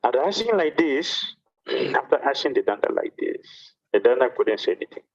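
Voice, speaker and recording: A male monk tells a devotional story in a sermon, repeating phrases as he goes. His pitch is mid-range but his delivery swings widely up and down. The sound is muffled and lo-fi, like an online stream. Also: big pitch swings, normal speed, vocal fry. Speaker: monk giving a talk.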